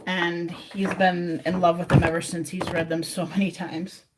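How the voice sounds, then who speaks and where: A woman's voice: lowish voice, level tone, moderate pace, very noisy. Chatty woman rambling on a livestream. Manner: rambling, chatty, talks to viewers directly. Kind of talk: casual livestream chat. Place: her room at home.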